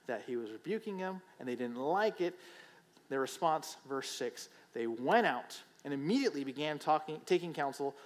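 A man preacher giving a sermon in a conversational, emphatic way, often checking in with "right?". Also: on the high side. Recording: long hall reverb.

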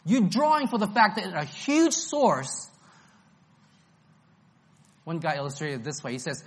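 A man's voice: fairly high pitch, sing-song, a little slow, pauses often. A man preaching an expository Bible-study sermon, emphatic and enthusiastic, repeating his key phrases.

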